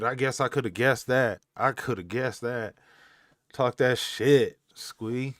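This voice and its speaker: A man's voice: on the low side, fairly bright tone, smooth, dry recording, studio quality. A young adult man hosting a live stream from home, reading chat aloud and talking in a loose, slangy way with frequent laughs.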